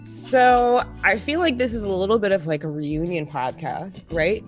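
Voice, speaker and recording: A woman's voice: mid-range voice, normal speed, faint music behind. A woman hosting a casual review podcast, giggly and flustered, restarting her intro. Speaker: podcast host.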